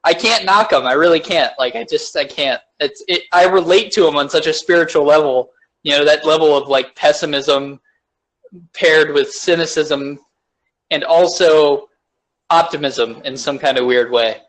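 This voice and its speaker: A young man co-hosting a podcast in a rambling casual chat, full of fillers and loud laughs. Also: a little high, moderate pace, rough recording. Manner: rambling, laughs loudly, lots of "like". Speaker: podcast co-host.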